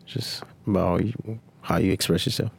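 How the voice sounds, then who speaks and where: A man's voice: low voice, fairly quick, vocal fry, husky. A young Nigerian man with a Nigerian accent, a rapper whose first language is Yoruba, answering interview questions in a laid-back way with short replies. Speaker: rapper guest. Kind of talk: casual interview chat.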